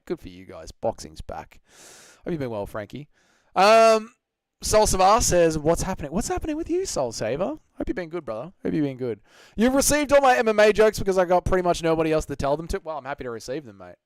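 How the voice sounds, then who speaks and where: A man's voice: fairly high pitch, very animated, a little fast, no room sound. A young Australian man hosting a casual live Q&A, reading out chat and joking crudely with lots of swearing. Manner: crude, joking, swears a lot, laughs often. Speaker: livestream host.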